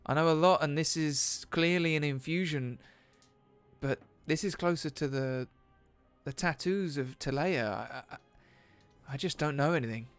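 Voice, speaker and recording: A man's voice: fairly high pitch, moderate pace, clean tone, faint music behind, close to an everyday voice. A man voicing a friendly male tinkerer who wears steampunk glasses, talking in a hesitant, stammering way. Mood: apologetic.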